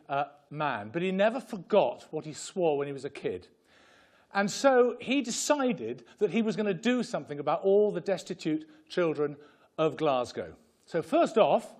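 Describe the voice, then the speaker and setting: A man presenting at a fundraising seminar in a joking, impassioned way, speaking to a room. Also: high-pitched. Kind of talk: humorous seminar talk. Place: conference room with an audience.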